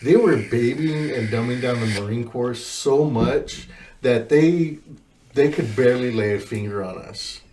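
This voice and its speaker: A young man on a podcast, telling memories in a low-key, reflective way. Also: unhurried, dark tone. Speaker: podcast guest. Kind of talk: casual podcast chat. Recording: faint background noise.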